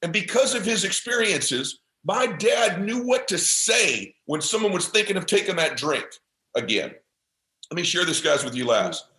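A man's voice: high-pitched, sing-song, normal speed, sharp tone, reverberant, low-quality recording. Intense, passionate middle-aged man. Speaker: podcast guest. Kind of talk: motivational storytelling.

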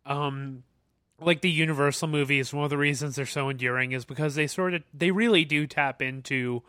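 An excitable man co-hosting a podcast chat, swearing freely. His voice is bright and sharp, sitting a little high for a man. The recording is dry and close, with no room sound. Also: fairly quick, no echo. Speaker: podcast co-host. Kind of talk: casual chat.

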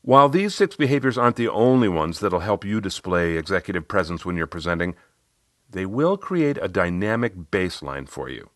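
A man who is a coach and podcast host, telling a client story in measured, scripted narration on a close mic. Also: low voice, very animated, dry recording. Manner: measured storytelling, reads dialogue aloud.

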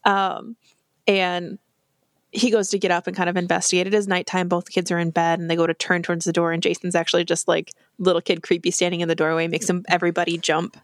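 A woman's voice: fairly low pitch, no room sound, clean studio sound. A woman co-hosting a horror podcast, recapping the plot in casual chat, swearing freely and acting out characters' lines. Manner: animated, swears freely, acts out characters' lines in quick impressions.

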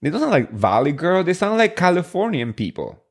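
A man in his thirties with a somewhat high-pitched voice hosts a reality-TV recap podcast. He talks in a loose, gossipy way, packing his speech with "like" and incredulous rhetorical questions. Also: big pitch swings, brisk. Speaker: podcast host. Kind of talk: casual reality-TV recap chat.

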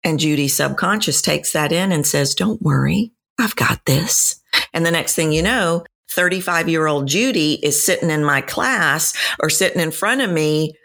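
A woman in her fifties with a Texan accent, a voice coach answering interview questions and telling stories with acted-out quotes. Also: sits low. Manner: animated storyteller, acts out quoted voices. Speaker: voice and dialect coach.

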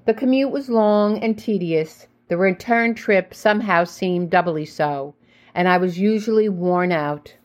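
A woman reading her own memoir in the first person, with measured, reflective storytelling. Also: lowish voice. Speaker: memoir narrator.

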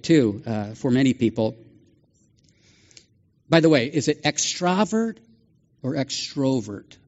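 A man's voice: medium pitch, a little mellow, highs cut off. Older man preaching in a chatty, joking way. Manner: conversational, chatty with asides and self-deprecating jokes. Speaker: pastor. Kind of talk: sermon. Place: church sanctuary.

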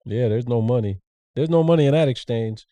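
A man's voice: medium pitch, fairly quick, warm tone, no echo. A man who is a pastor, co-hosting a podcast with casual chat and brief affirming remarks.

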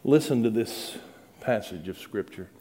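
A man's voice: fairly low pitch, animated, unhurried, dark tone. Middle-aged male preacher, earnest and pleading delivery with dramatic peaks. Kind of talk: sermon.

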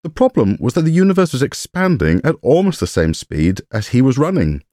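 A man's voice: mid-range voice, sing-song, fairly quick, mellow, dry recording. A man hosting a podcast, reading a scripted science explainer with dry humor and jokey asides. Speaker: podcast host.

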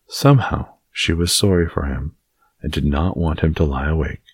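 A man reading a novel aloud as an audiobook narrator, in a calm, measured way. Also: extremely low pitch, husky, no room sound, studio quality. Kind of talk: scripted narration.

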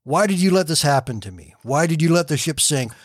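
Man acting as a shipwrecked preacher, pleading, anguished, high strained voice, dry close sound. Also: big pitch swings, brisk, slightly rough, dry recording. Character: desperate shipwrecked male preacher crying out.

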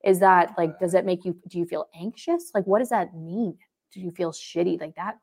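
With a lowish voice, a moderate pace and a breathy edge, a marriage coach chats casually on the podcast she co-hosts. She animates her points by acting out example phrases.

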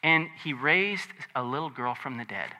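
A man preaching a conversational sermon, animated and chatty, with joking asides. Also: medium pitch, moderate pace. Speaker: pastor.

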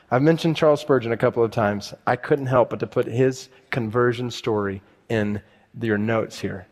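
A male pastor with a mid-range voice, speaking at normal speed, chats casually through his sermon and reads a conversion story aloud. His tone stays conversational, though the intensity shifts as he reads passages.

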